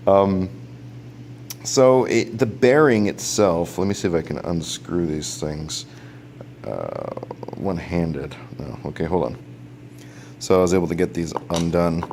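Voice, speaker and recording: Low-voiced rambling reviewer guy. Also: a little mellow, slight background noise. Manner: rambling, full of fillers and restarts, chuckles often. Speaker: product reviewer. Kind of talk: casual review vlog.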